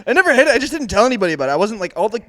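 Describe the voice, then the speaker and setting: Lively high-voiced man telling stories. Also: racing, in a large hall. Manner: animated storytelling, acts out quoted voices; swears freely, laughs often. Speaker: podcast co-host. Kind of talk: casual podcast banter.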